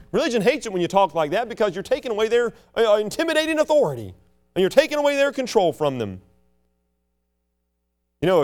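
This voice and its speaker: Impassioned male preacher, lively pitch. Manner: impassioned, swings between loud and hushed; mocks proud churchgoers in a sneering low voice. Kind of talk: sermon.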